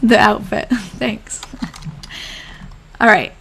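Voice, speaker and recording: A medium-pitched, very slow, creaky but fairly bright female voice, with slight background noise. The young woman hosts a casual live stream, reading old diaries, talking with viewers, replying to their comments, and laughing often.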